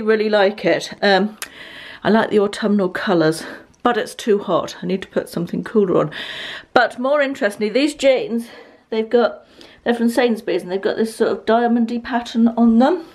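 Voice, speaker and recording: An English woman in her fifties chatting through her day in a rambling, self-mocking daily vlog, filmed on a handheld camera in her car and at home. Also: mid-range voice. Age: 50s. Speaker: lifestyle vlogger. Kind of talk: casual daily vlog chat.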